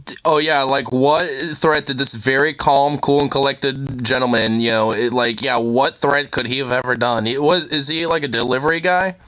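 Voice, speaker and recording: A man's voice: medium pitch, a little slow, clear, resonant tone. A man streaming, reacting to a video with casual, profane, exasperated commentary. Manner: animated, profane, exasperated ranting.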